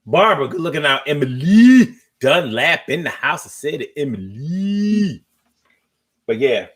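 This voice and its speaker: Guy riffing casually to his audience, swears a lot, pitch jumps all over, stops to hunt for the word. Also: sing-song, husky. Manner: loose, profane, conversational; drawn-out, searching pauses. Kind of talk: casual storytelling monologue.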